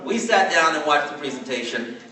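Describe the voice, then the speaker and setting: Bright-voiced man in a booming hall. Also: a little fast. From California. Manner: chatty, animated, asks "right?" often, laughs as he talks. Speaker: network marketing trainer. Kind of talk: storytelling training talk. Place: large hall with an audience. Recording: very echoey hall, mic far off.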